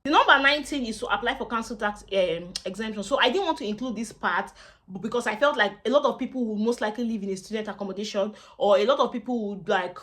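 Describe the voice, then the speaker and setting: A woman's voice: mid-range voice, fast talker, a bit bright. A young woman with a Nigerian accent giving casual advice to students in a vlog. She talks in a chatty way, repeats herself often and slips into pidgin asides. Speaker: student vlogger.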